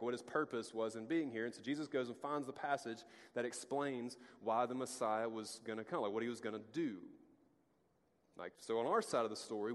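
A pastor giving a casual, conversational sermon, full of restarts and acted-out asides. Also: male voice, medium pitch. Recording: long hall reverb.

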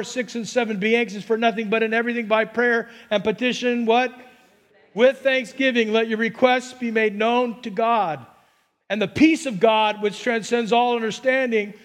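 A man preaching a sermon as pastor, animated and acting out little scenes and voices for his congregation. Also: very high-pitched.

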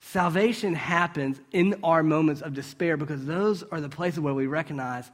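Higher-voiced man preaching conversationally. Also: moderate pace, few pauses. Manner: asks rhetorical questions and checks in with "right?"; storytelling with brief restarts. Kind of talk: conversational sermon.

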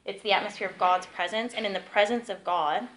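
A young woman teaches a church group in a relaxed, chatty way. She strings her stories together with lots of "like" and keeps her voice at an ordinary middle pitch. It sounds like easy, unscripted talk rather than a polished sermon. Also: brisk, poor audio. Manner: chatty, peppered with "like", lively storytelling. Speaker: ministry teacher.

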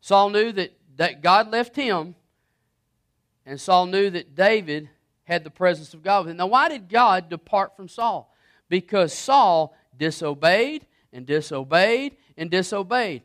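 A man's voice: high-pitched, unhurried. A man preaching a sermon, reading scripture and retelling Bible stories, often repeating words as he builds momentum. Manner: animated, repeats words and restarts, quotes scripture.

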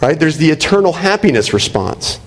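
A man's voice: a little high, big pitch swings, normal speed. A male pastor preaching a sermon in a conversational way, often checking in with "right?". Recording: reverberant hall.

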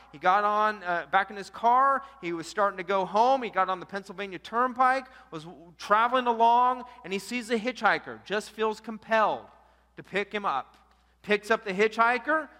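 A man's voice: high voice, big-room sound. A man pastor preaching a sermon, telling a story and acting out its characters' lines. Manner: animated storyteller acting out quotes.

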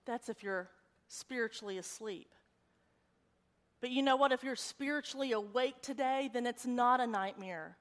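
A woman in her forties delivers a church sermon in a high, bright-pitched voice. Her manner is animated and conversational, drifting easily into storytelling. The sound rings with a long reverb from a large church hall. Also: normal speed. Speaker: preacher.

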